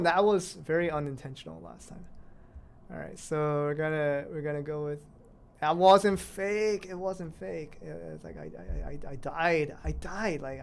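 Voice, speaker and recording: A woman's voice: low-pitched, vocal fry, a little mellow. A woman streaming a mobile game, chatting casually to viewers and exclaiming at near misses. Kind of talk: casual live-stream commentary while playing.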